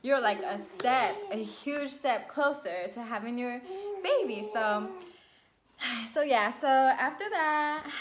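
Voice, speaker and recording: Chatting to camera, a woman shares a personal anecdote in a lively, casual vlog style. Fillers like "like" and "you know" pop up constantly, and she leaps around in pitch while reenacting her own earlier words.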